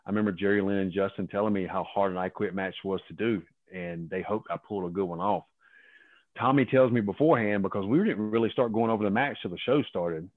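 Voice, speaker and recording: Gravelly-toned man on a tinny phone line. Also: on the low side, fast talker, no echo. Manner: profane, animated, acts out other people's lines. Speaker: guest, former pro wrestler. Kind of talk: casual storytelling.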